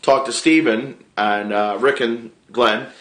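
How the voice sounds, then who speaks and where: A middle-pitched man chats casually to camera, rambling and restarting his sentences and swearing freely. His voice is bright and forceful. The recording carries the echo of a bare room. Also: slow pace. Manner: rambling, excitable, swears a lot, frequent restarts. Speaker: vlogger and improv actor.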